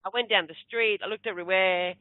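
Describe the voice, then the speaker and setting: A woman's voice: medium pitch, steady tone, fast talker, dry recording. A middle-aged woman rambles through a personal story in a loose, chatty way, slipping into the voices of the people she quotes. The sound is thin and phone-like, with a dry, close feel and no room around it. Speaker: guest, spiritual medium. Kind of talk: casual storytelling interview. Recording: tinny phone-like line, dry.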